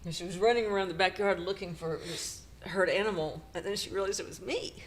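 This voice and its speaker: A middle-aged woman co-hosting a podcast, retelling a painful personal story in a halting, emotional way with nervous laughs. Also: lowish voice, a little hiss or hum. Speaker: podcast co-host.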